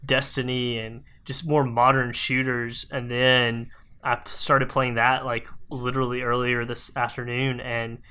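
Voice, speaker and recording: A man's voice: medium pitch, level tone, a little slow, sharp tone, clean tone. A man co-hosting a video game podcast in casual chat, talking loosely with many fillers and restarts. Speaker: podcast co-host.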